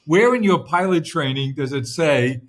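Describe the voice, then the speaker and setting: Low-voiced woman host with playful quips. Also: animated, moderate pace. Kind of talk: casual interview.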